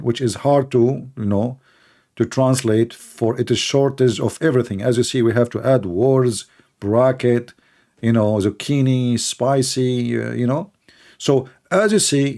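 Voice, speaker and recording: A man's voice: mid-range voice, darkish tone. A man with an Arabic accent hosting a combative live debate, sarcastic and mocking, often talking over the other side. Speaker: debate host.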